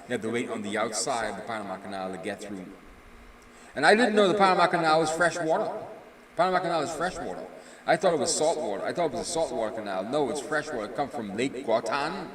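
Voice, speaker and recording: A tired man giving casual, opinionated news commentary on a live stream, rambling with filler pauses. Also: medium pitch. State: tired, yawning. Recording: roomy echo, distant mic.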